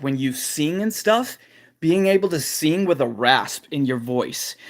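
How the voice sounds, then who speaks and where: A man at home giving a casual livestream vocal lesson, talking in loose, rambling sentences full of fillers. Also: a little high. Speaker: vocal coach streaming live.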